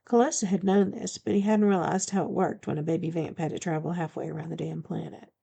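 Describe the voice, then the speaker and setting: A woman author reading her own novel aloud as an audiobook, in a steady, even storytelling manner. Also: fairly low pitch, fast talker, vocal fry, husky. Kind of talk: audiobook narration.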